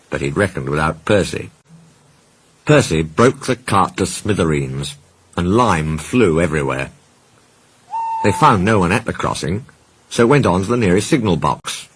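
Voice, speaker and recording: Storyteller reading a kids' story, low voice with lively swings, faint hiss behind. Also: male voice, moderate pace. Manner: expressive, animated reading.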